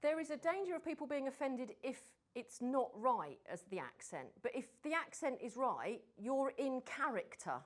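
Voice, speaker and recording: Brief: woman, British, workshop speaker, upbeat and emphatic, light high voice. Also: sing-song, moderate pace, hardly any pauses. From Britain. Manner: direct, encouraging, emphatic. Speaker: speaker answering audience questions. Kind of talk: live Q&A workshop talk. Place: room with an audience.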